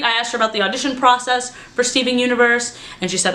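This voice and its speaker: A young woman vlogger chatting casually and excitedly, with lots of "like" as she recounts her day. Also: on the high side, quick pace. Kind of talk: casual vlog recap. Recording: roomy echo.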